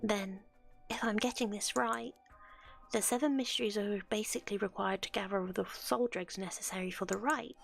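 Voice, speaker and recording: A woman reading game dialogue aloud for a curious young woman investigator, slow and questioning. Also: mid-range voice, steady tone, gravelly, soft background music. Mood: thoughtful.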